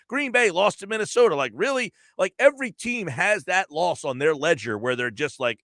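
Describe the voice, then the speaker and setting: Lively sports radio host, a man. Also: sits high, brisk, hardly any pauses, no room sound, studio quality. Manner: animated, thinks aloud through the standings. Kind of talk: live sports talk radio.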